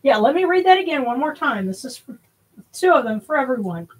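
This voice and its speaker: A woman's voice: high voice, sing-song, brisk, slightly rough. A woman hosts a spiritual livestream in casual, rambling chat, a little out of breath. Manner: rambling, with many fillers and restarts.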